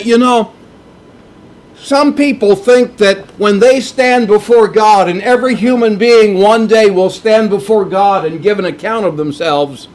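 A middle-aged man preaching a sermon, earnest and emphatic, repeating his key points. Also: high-pitched. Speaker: pastor.

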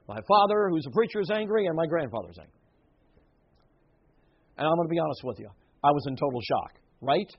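Husky, emphatic male preacher. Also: fairly high pitch, lo-fi sound. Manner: earnest, emphatic, with asides and short laughs. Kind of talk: sermon.

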